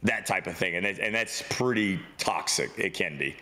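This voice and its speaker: A man's voice: sits low, moderate pace, sharp tone. A man co-hosting a podcast in casual chat, talking loosely with lots of fillers and some swearing. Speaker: podcast co-host.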